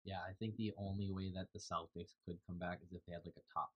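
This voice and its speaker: A man's voice: deep voice, fairly even intonation, fast, dull audio. A man co-hosting a casual sports podcast, joking and teasing in friendly banter. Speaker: podcast co-host.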